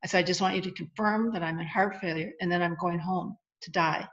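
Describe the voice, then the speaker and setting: A woman's voice: on the low side, fairly quick. A middle-aged woman telling a personal story as an interview guest, acting out quoted dialogue as she goes. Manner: animated retelling with quoted dialogue. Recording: lo-fi muffled audio.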